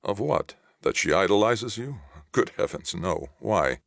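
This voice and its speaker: A man voicing a kind, nervous middle-aged father who talks softly and hesitantly. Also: fairly low pitch, sing-song, measured pace, gravelly, dry recording, clean studio sound, voice pushed up, full character voice. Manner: soft, hesitant.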